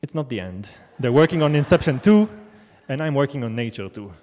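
A man's voice: medium pitch, lively intonation, a little fast, a little mellow. A man telling a true story on stage in a wry, self-deprecating, conversational way. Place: large theater stage. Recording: long theater hall reverb.

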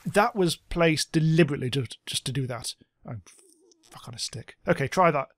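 A man giving casual let's-play commentary, excitable, swearing a lot and making silly sound effects. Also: on the high side, moderate pace, a little hiss or hum. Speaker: gameplay commentator.

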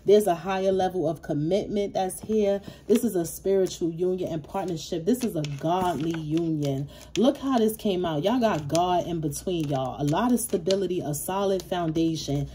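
A woman doing a casual tarot reading to camera, animated and profane, with speech and frequent laughing asides. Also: on the low side, normal speed, hardly any pauses, slight background noise. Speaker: tarot reader.

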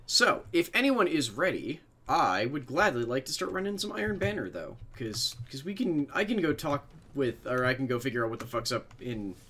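A young man streaming a game and talking loosely to his chat. His talk wanders from thought to thought, and he pokes fun at himself and curses without a second thought. His voice sits at an ordinary middle pitch. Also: big pitch swings, normal speed, few pauses, pushed and bright, husky. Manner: rambling, self-deprecating, swears freely. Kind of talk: casual chat while livestreaming a game.

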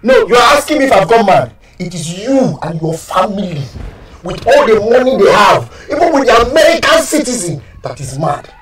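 An actor with a Nigerian accent playing an indignant, scheming young boyfriend in a Nollywood film. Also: male voice, high-pitched, very animated, normal speed, a bit bright, faint music behind. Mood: angry. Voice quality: emphatic, rambling and accusing. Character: bitter scheming young man, loud and indignant. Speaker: jilted boyfriend. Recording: echoey room, voice from far off.

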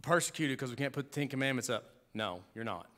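A man preaching a sermon as pastor, emphatic and conversational, swinging from loud to hushed with humorous asides. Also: mid-range voice, animated, quick pace.

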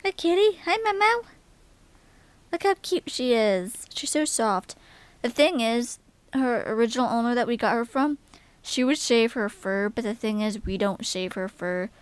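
A woman's voice: fairly high pitch, normal speed, clean tone. A young woman vlogging casually, rambling with lots of "like" and "um". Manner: rambling, many "like" and "um" fillers; gushing baby talk to pets. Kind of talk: casual vlog chat.

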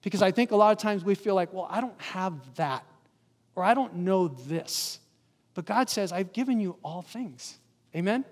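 A man's voice: sits high, lively intonation, normal speed, big-room sound. A man preaching a sermon as a guest pastor in a church, talking directly to the congregation and asking them to respond. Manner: engaging, asks the congregation questions. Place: church sanctuary.

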